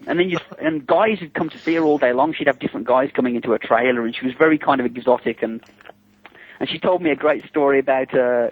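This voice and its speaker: A man, a makeup artist telling stories in a lively, chatty way during a radio interview. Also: mid-range voice, slightly rough, dry recording. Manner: animated, chatty, frequent fillers, acts out others' voices. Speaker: special effects makeup artist, interview guest. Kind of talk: anecdotal storytelling in a radio interview. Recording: dull lo-fi dry radio recording.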